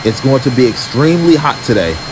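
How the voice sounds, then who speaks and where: A man's voice: mid-range voice, lively intonation, fast, background noise, lightly acted. A man doing a serious railway boss. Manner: serious, firm.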